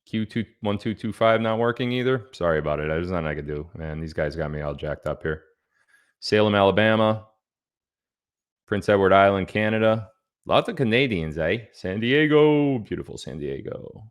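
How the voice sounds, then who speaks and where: A man's voice: low-pitched, animated, normal speed, clear, resonant tone. A man hosting a casual livestream, chatting loosely and reading out where viewers are from. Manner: chatty, reads out viewer locations. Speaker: livestream host.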